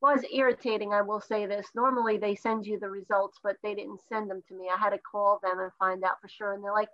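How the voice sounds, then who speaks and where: A woman's voice: medium pitch, steady tone, a little fast, few pauses, pushed and bright, lo-fi sound. A woman co-hosting a podcast over a video call, stuffy-nosed and tired, telling a story chattily with many restarts. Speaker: podcast co-host.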